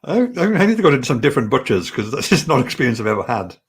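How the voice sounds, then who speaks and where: A man's voice: mid-range voice, very animated, racing, breathy edge. A British man co-hosting a casual video-call chat, giggly and self-mocking. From Britain. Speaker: podcast co-host.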